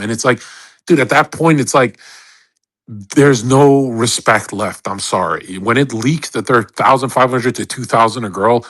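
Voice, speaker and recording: A man's voice: mid-range voice, a little slow, fairly bright tone. A man in his thirties hosting a livestream, giving a blunt, profane motivational rant and acting out quoted voices. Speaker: host. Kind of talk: livestream monologue.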